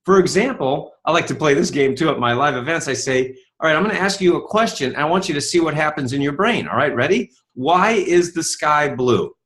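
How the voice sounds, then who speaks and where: A man in his fifties tells his story as an interview guest, voicing the people in it with sudden jumps upward. His voice sits a little high for a man. He speaks with the ease of a seasoned speaker. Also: quick pace, few pauses. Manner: animated, acts out quoted dialogue with rising pitch.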